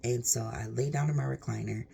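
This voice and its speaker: A woman's voice: very deep voice, fairly even intonation, brisk, vocal fry, warm tone, slight background noise. A woman vlogger sharing a personal testimony in an earnest, rambling way, leaning on "like" and "literally". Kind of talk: emotional personal storytelling.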